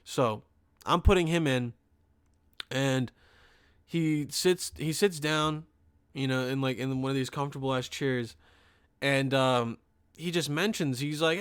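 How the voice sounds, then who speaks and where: A man's voice: mid-range voice, a little slow, pauses often, clear, resonant tone, no echo, studio quality. Profane young man telling a story. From Pennsylvania. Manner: profane, rambling, animated storytelling. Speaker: podcast host. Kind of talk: comedic storytelling.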